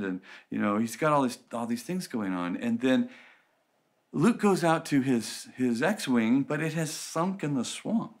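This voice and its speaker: A man with a medium-pitched voice gives a conversational teaching talk about relationships. He tells stories and acts out quoted voices with lively shifts.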